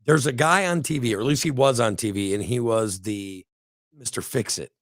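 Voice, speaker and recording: In clean studio audio with no echo, a middle-aged podcast co-host speaks at a normal speed in a medium-pitched voice. His casual motivational talk rambles and preaches, with small quotes acted out along the way.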